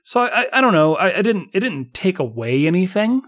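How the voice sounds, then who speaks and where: A man's voice: sits high, big pitch swings, brisk, a bit bright. Rambling man talking about a movie. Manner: rambling, restarts, repeats words. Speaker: podcast co-host. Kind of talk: casual movie-review chat.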